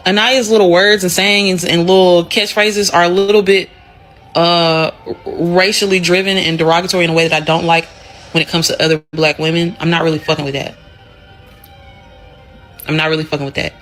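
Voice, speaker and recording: A woman's voice: on the low side, a bit bright, poor audio. A woman giving casual commentary as co-host, talking in a blunt, heated and profane way.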